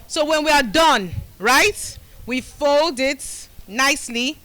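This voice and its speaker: A middle-aged Nigerian-accented woman, a community health educator, gives a live demonstration talk at a community gathering, rousing the group with call-and-response. Her high, expressive voice is bright and forceful at a slow pace, with no room sound and poor audio quality.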